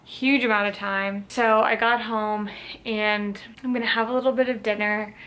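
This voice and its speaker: A woman's voice: medium pitch, steady tone, moderate pace, a bit bright. A woman in her twenties, a nursing student, talking casually to camera in a chatty, upbeat vlog with lots of "like" fillers. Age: 20s.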